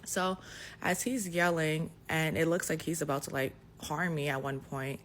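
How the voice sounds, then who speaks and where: A young adult woman casually telling a personal story, animated and dotted with "like" fillers. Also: sits low, a little slow, a little hiss or hum. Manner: animated retelling, full of "like" fillers. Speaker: storyteller in a clip.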